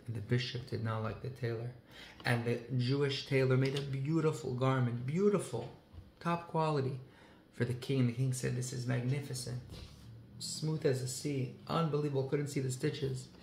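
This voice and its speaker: A man's voice: medium pitch, steady tone, a little fast, vocal fry, darkish tone. A man speaking as a rabbi, telling a story with emphasis and weaving in Hebrew and Yiddish phrases. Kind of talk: heartfelt storytelling talk. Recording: echoey room with faint ambient noise.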